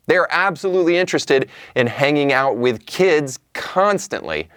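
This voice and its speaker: A man's voice: on the low side, no room sound, clean studio sound. A man hosting an opinion show, delivering a commentary monologue in an emphatic, sarcastic manner. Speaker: show host.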